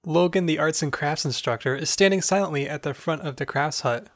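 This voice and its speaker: A man's voice: fairly high pitch, a little fast. A man narrating as game master of a tabletop role-playing game, in a plain, matter-of-fact way.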